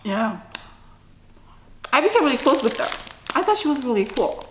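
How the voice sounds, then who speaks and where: A middle-aged woman chats away on her mukbang vlog while eating, often letting out an "mm" between mouthfuls. She talks at normal speed in a high voice with big pitch swings; the recording has a faint hiss or hum and an echoey room.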